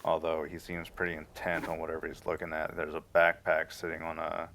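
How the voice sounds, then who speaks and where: Deep-voiced man running a tabletop game. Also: monotone, vocal fry, a bit bright, slight background noise. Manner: halting, many restarts and fillers. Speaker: game master.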